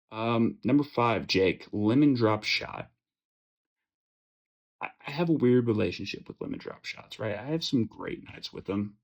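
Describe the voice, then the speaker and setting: A man's voice: on the low side, expressive, unhurried, creaky, highs cut off. A young man hosting a casual fantasy football chat, profane and joking, rambling with lots of fillers and restarts. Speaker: fantasy football podcast host.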